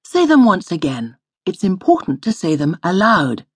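A woman instructor reading a scripted audio language lesson in a studio, slowly modelling each word to repeat. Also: on the low side, sing-song. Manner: patient, slow model pronunciation.

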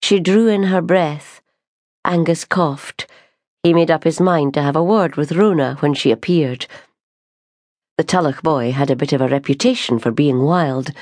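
A woman, reading a novel aloud in a measured, unhurried storytelling manner. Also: deep voice, a little mellow, dry recording, clean studio sound. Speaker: audiobook narrator. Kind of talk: scripted narration.

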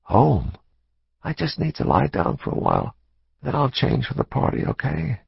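A male audiobook narrator voicing a sick, tired teenage girl who speaks softly and weakly. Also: mid-range voice, huge pitch swings, moderate pace, creaky, husky, no echo, dull audio, voice pushed up, heavily acted. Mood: weary.

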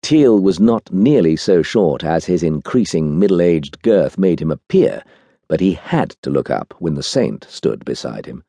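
A man reading an audiobook aloud, telling the story in an expressive, wry way. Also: sits low, a little slow, gravelly, no room sound. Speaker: audiobook narrator. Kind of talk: scripted audiobook narration.

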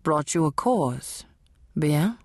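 A woman voicing a smooth, teasing young man. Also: deep voice, lively intonation, slow pace, darkish tone, no room sound, clean studio sound, pitched below the performer's own voice, exaggerated voice. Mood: easygoing.

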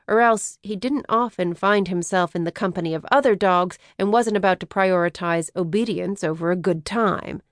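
An audiobook narrator reads a scripted book in a smooth, mid-range female voice. The recording is dry and the studio sound is clean.

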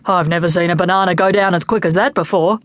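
A woman voicing an easygoing father in a children's storybook, pitching her voice a little lower. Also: fairly even intonation, quick pace, dry recording, lightly acted. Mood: mild. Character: easygoing dad of a young boy.

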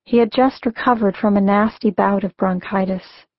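A woman narrating her own memoir as a scripted audiobook, in a measured, reflective reading. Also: medium pitch, steady tone, no echo. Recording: dry, dull lo-fi audiobook recording.

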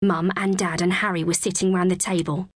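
A woman narrating a children's audiobook in the first person with a clear, expressive, measured reading. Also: lowish voice, no room sound.

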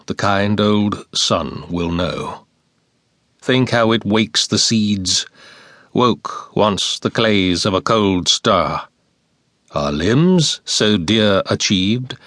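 A man reading war poetry aloud as an audiobook narrator, in a slow, measured and solemn recitation. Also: on the low side, fairly bright tone, dry recording, studio quality.

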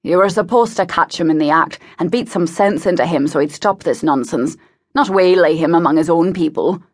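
A woman's voice: lowish voice, normal speed, dry recording, clean studio sound, close to an everyday voice. A woman reading an angry nobleman who snaps curt commands at hired men. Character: angry scheming nobleman, middle-aged man.

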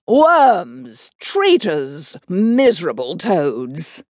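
A woman's voice: on the low side, wildly swooping pitch, extremely slow, darkish tone, dry recording, heavily acted. A woman voicing a fierce, bossy old witch who hurls scornful insults, in a close dry studio recording. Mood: thundering.

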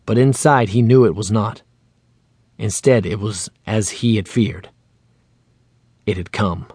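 A man narrating a suspense audiobook in a measured storytelling manner into a studio microphone. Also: on the low side, darkish tone, breathy edge, no echo. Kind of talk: scripted narration.

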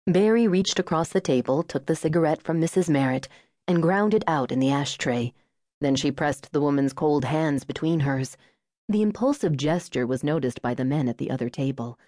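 A woman reads an audiobook in a low, mellow voice with measured, even pacing. She sits close to the mic. The studio sound is dry and free of room echo. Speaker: audiobook narrator. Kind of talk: scripted narration.

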